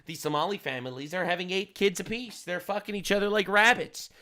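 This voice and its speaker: A man's voice: sits high, fairly quick, sharp tone. A man streaming commentary over video clips, crude, heated and sarcastic in his delivery.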